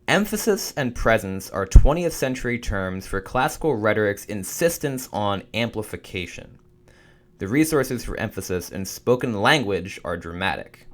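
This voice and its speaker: A man's voice: on the low side, lively intonation, moderate pace. A young man reading study notes aloud for a writing course, stumbling now and then and restarting. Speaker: student making a study guide.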